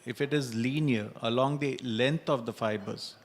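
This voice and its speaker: A man speaking as a surgeon in a panel discussion, explaining in a steady, measured way. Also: medium pitch.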